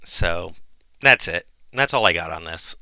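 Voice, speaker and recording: A man co-hosting a podcast in casual chat, animated and laughing as he tells stories. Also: deep voice, a little slow, gravelly, no echo. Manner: mimics voices in quoted anecdotes. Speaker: podcast co-host.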